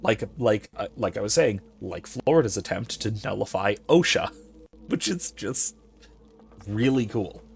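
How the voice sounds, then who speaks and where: A man's voice: low voice, creaky. A man hosting a let's play, chatting casually and rambling into academic digressions while reading chat messages aloud. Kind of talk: casual gameplay commentary.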